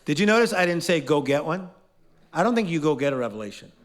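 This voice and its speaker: A man with a fairly high voice runs a live motivational class, energetic and playful. He leads call-and-response chants and fires questions at the people in front of him. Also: very fast. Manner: energetic, playful, quizzes the audience. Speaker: motivational teacher.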